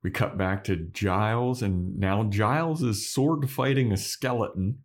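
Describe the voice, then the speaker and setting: Deep-voiced, chatty podcast guy. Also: a little slow. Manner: loose, chatty, laughing storyteller. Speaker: podcast co-host. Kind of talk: casual episode recap.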